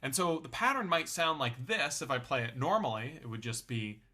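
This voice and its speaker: A man's voice: medium pitch, animated, normal speed, music in the background. A young man teaching a ukulele lesson in a friendly, explanatory way, counting beats aloud. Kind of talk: online music lesson.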